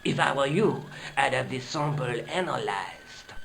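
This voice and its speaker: An actor playing a stern, haughty hospital doctor with a French accent who answers in curt, formal phrases. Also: male voice, mid-range voice, lively intonation, unhurried, vocal fry, fairly bright tone, a little hiss or hum. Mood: animated. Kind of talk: video game voice acting.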